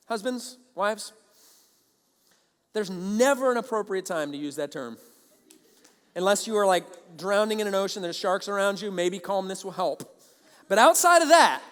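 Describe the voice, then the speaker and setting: A man preaching a sermon as a pastor, telling stories in an animated way and acting out both sides of conversations. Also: high-pitched, in a large hall. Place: large church auditorium.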